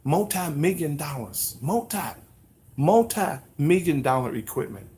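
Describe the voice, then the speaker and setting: Male livestream host, casual chat, animated, mock-newscaster bits. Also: on the high side, unhurried. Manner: animated, playfully mimics news announcements.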